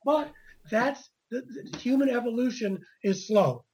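A woman's voice: on the high side, unhurried, a little mellow, breathy edge, low-quality recording. A woman author as an interview guest, speaking earnestly with many repeated restarts. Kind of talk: conversational interview.

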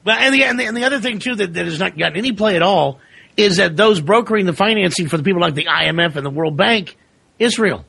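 A man's voice: high voice, quick pace, creaky, pushed and bright, husky. A man speaking as a guest in a casual political chat, emphatic and driving his point.

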